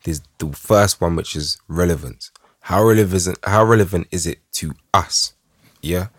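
A man's voice: low voice, normal speed, husky, dry recording, clean studio sound. A man talking animatedly in a casual podcast conversation, using street slang as a guest. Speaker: guest, writer and father.

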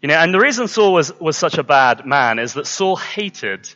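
A man telling a Bible story to a live group in an animated, repetitive way, with dramatic pauses. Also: on the high side. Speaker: children's church storyteller. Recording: dull sound in a long-reverb hall.

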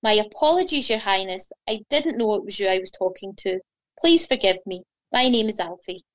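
A woman's voice: mid-range voice, fairly quick, no echo, close to an everyday voice. A woman voicing a flustered, apologetic male elf who worries about being late. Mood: fretful. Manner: fretful, apologetic.

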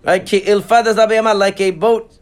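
A high-pitched Talmud teacher with a level tone leads a casual study session, reading Aramaic passages aloud. He then translates and explains them haltingly, full of fillers and restarts.

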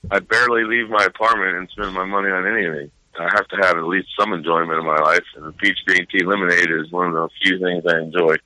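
A man's voice: low-pitched, steady tone, quick pace, hardly any pauses, sharp tone, no echo, low-quality recording. A man hosting a podcast in a casual chat, laid-back and rambling, swearing often. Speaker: podcast host.

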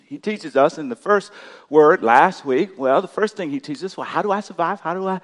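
A man's voice: a little high, animated, normal speed. A male pastor delivering a sermon, leading the congregation in call-and-response, his volume swelling and dropping. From Texas. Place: large church sanctuary. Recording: long hall reverb.

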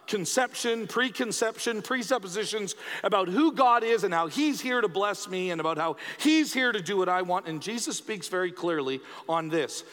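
A male pastor with a high-pitched, slightly bright voice preaches a sermon in an emphatic yet conversational style, frequently repeating words for emphasis. The recording carries the long reverb of a church hall.

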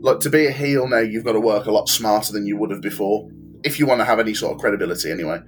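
A man's voice: lowish voice, rapid-fire, faint music behind. A man, a wrestler and promoter, talking in a casual podcast chat, full of "like" and "do you know what I mean".

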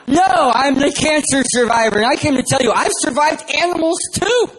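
A man's voice: very high-pitched, expressive, normal speed, fairly bright tone, a faint crowd, poor audio. A man from San Diego, California, giving a humorous sermon as a guest preacher and telling self-deprecating stories about himself. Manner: self-deprecating, joking storyteller. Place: church.

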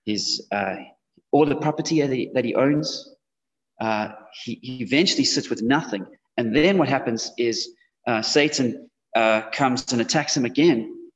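Pastor in a reverberant hall. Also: male voice, mid-range voice. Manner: conversational preaching, speaks directly to the congregation. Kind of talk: sermon. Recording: dull lo-fi sound with long hall reverb.

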